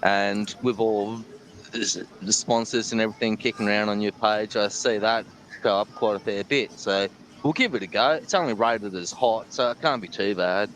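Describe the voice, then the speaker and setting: A man's voice: fairly low pitch, moderate pace, fairly bright tone, rough recording. An Australian man being interviewed about eating chilli, chatting casually and bluntly, joking and laughing as he talks. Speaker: guest, chilli-eating champion.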